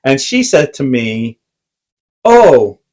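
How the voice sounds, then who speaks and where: A man's voice: mid-range voice, normal speed, poor audio. A man co-hosting a podcast, telling a long anecdote in casual chat, full of fillers and quoted lines. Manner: rambling, filler-heavy storytelling with acted quotes. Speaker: podcast co-host.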